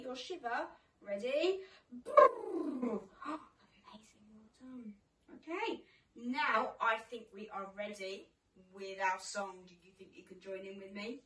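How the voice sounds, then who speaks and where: A woman's voice: mid-range voice, fairly bright tone, reverberant, far from the mic, a little hiss or hum, poor audio. A British woman teaching toddlers in a sing-along lesson, with a sing-song, exclamatory, encouraging manner. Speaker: children's teacher.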